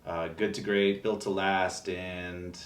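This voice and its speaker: A man interviewing a colleague, asking relaxed, loosely worded questions. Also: low voice, takes it slowly, distant mic. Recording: roomy, from off-mic.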